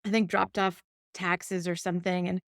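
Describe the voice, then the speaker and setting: Animated woman telling a personal story. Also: lowish voice, normal speed, gravelly, dry recording, clean studio sound. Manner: animated storyteller, acts out quotes. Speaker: podcast co-host. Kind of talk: casual chat.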